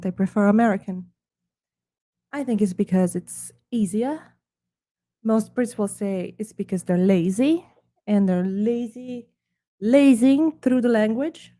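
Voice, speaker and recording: A woman from Ukraine hosts a mock-snobbish book preview in a put-on British accent, in a slow, unhurried cadence. Her voice sits a little high yet sounds mellow and soft. Her delivery stays dry and sarcastic. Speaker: host reviewing her art books.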